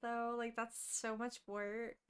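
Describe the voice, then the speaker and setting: Woman, podcast co-host, casual, laid-back, high-ish, smooth clear voice. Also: level tone, takes it slowly, a bit bright. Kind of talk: casual chat.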